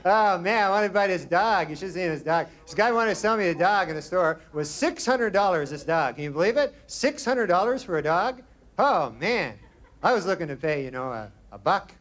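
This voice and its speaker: A young man from Canada doing a stand-up set in a small comedy club, with a dry deadpan delivery and drawled asides. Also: high voice, moderate pace. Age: young adult. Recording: noisy club recording with crowd. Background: audience laughter.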